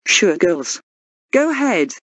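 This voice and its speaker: A woman's voice: on the low side, sing-song, slow pace, dry recording, exaggerated voice. A synthetic female voice playing a protective, caring girlfriend in a cartoon who scolds bullies and comforts her partner. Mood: comforting.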